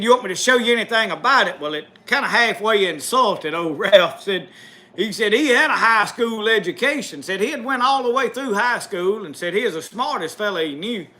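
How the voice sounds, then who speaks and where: A man spins a folksy tall tale in thick rural dialect. His voice sits very high and rings bright. He keeps breaking into chuckles at his own story.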